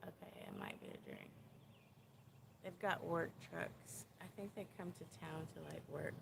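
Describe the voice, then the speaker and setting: A woman's voice: lowish voice, steady tone, moderate pace, gravelly, background noise. A tipsy woman vlogging into a handheld phone, chatty and profane, rambling as she thinks aloud. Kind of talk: casual rambling vlog.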